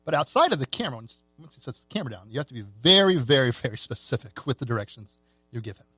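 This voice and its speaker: Lively, bright-voiced man telling stories. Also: medium pitch, very fast, slightly rough, no echo. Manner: animated anecdote telling with laughs. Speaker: film director guest. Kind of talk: casual podcast storytelling.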